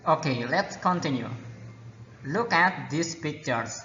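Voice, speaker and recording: A man's voice: on the high side, expressive, takes it slowly, bright, forceful tone, slight background noise. A man teaching an English grammar lesson, repeating key words and often checking with "okay?". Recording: echoey hall, dull lo-fi sound.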